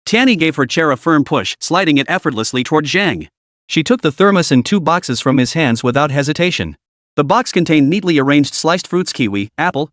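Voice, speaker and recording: Lively, fairly high-voiced male narrator. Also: no echo, clean studio sound. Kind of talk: scripted story recap narration.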